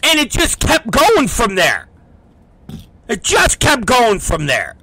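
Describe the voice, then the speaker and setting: A man hosting a talk show, telling a story in a profane, animated rant and acting out the people in it. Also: very high voice, slow, husky, no echo, low-quality recording. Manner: profane, acts out quoted voices. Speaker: podcast host.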